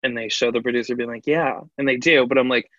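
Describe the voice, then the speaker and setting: A man with a bright, forceful voice co-hosts a chatty podcast, animated and quick to laugh as he acts out the lines of people he talks about. The sound is dry and a little dull, like lo-fi audio. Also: mid-range voice, dry recording. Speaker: podcast co-host. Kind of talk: casual chat.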